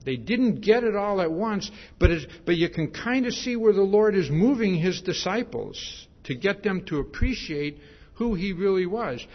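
A man preaching a sermon in a relaxed, conversational way, retelling a story with animated asides and frequent restarts. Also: sits high, normal speed. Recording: dull lo-fi recording.

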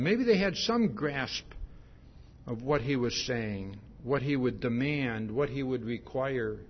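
This expository sermon comes from a man with a medium-pitched, expressive voice that has a breathy edge. He speaks unhurriedly, goes verse by verse, adds frequent "see?" tags, and repeats and restarts phrases. The sound is dull and lo-fi.

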